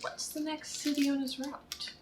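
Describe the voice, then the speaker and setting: A woman's voice: high-pitched, little pitch movement, normal speed, roomy sound, noisy background. A woman playing a tabletop game, chatting casually and laughing easily. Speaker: player.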